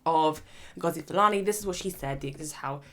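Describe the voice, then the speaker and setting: Animated woman hosting an opinion vlog. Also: low voice, fast. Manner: animated, emphatic, argumentative. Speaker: commentary channel host.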